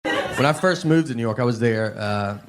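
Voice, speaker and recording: Laid-back Southern man telling stand-up. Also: moderate pace. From Nashville, Tennessee. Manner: low-key, deadpan, rambling delivery. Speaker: stand-up comedian. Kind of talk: stand-up storytelling. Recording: noisy live stand-up recording.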